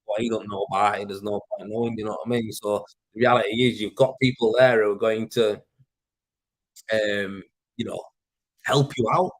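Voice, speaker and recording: A man's voice: fairly low pitch, steady tone, normal speed, poor audio. Chatty Yorkshire man hosting a livestream. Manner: rambling, chatty, with fillers and swearing. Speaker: livestream host. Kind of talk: casual live chat reading viewer comments. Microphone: plugged-in desk mic.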